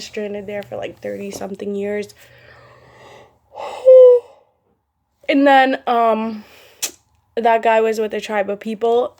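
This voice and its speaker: A woman's voice: medium pitch, darkish tone. A young adult woman talking to camera in a casual, rambling vlog, chatty and giggly as she drifts between topics. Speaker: vlogger.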